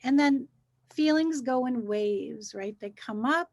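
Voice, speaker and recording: A woman's voice: high voice, slow, no echo. A woman in a casual chat about feelings, talking animatedly and acting out the way she speaks to children. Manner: animated, acts out what she says to children.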